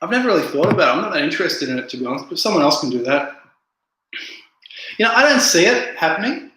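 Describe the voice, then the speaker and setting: A man's voice: fairly high pitch, very animated, fast talker, background noise. Rambling man in a very echoey room. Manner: rambling, repeats words, answers viewer comments. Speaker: livestream host reading chat. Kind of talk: casual livestream chat. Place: indoor room, home livestream.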